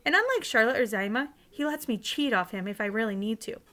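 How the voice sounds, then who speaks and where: A woman's voice: on the high side, animated, fast, sharp tone. A woman teacher reading a novel aloud in a casual, conversational way, sometimes restarting a line.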